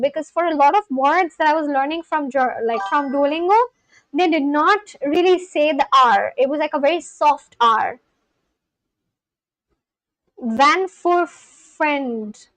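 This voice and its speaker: Young woman streamer, high voice, unhurried, dry close mic, casual chat with viewers. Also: a bit bright, no echo, poor audio. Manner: chatty, thinks aloud, sounds out foreign words slowly. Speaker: language-learning livestreamer.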